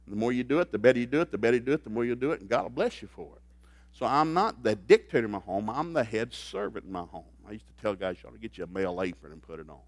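A middle-aged man preaching a humorous sermon on marriage, folksy and joking, swinging from quiet asides to loud bursts. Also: lowish voice, expressive, very fast, no room sound. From grew up in a blue-collar factory family.

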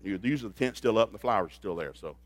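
A man preaching a sermon, telling stories in an animated way and laughing at them. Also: on the low side, rapid-fire, no echo. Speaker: pastor. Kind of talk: storytelling sermon.

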